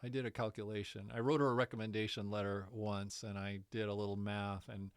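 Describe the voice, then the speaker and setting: A man telling a travel story in a casual interview, animated and laughing often. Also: fairly low pitch, fairly quick, clear, resonant tone, dry recording. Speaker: guest, distance education coordinator.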